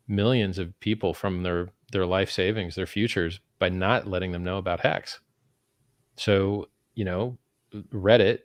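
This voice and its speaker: Blunt low-voiced guy ranting on a livestream, swears a lot, dry close mic. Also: no room sound. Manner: blunt, emphatic, profane. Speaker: crypto founder taking guests on a livestream. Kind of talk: casual livestream chat.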